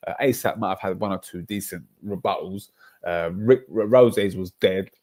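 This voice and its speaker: A man's voice: low-pitched, moderate pace. A young man, chatting casually and rambling through stories on a livestream, full of slang. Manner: rambling, animated storytelling with slang. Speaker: livestream host.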